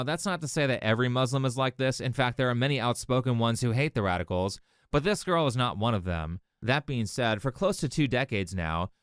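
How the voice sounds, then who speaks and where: A man's voice: medium pitch, a bit bright, clear, resonant tone, dry recording, clean studio sound. A man delivering scripted opinion commentary in a sarcastic, lecturing way. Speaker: video commentator.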